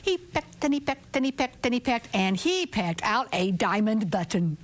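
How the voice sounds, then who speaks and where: Woman storyteller, children's folktale, expressive, drawn-out lines, whispered asides. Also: on the high side.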